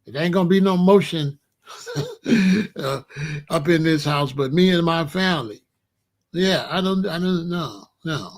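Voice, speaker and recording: High-voiced man preaching emphatic commentary. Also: expressive, a little slow, pauses often. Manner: preachy, emphatic, repeats himself. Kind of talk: monologue commentary to camera.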